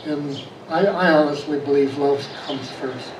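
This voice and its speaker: A man preaching a storytelling sermon, moving from animated anecdote to soft reflection. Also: a little high, measured pace, noisy background. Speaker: pastor. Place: church sanctuary. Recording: echoey church room, voice from far off.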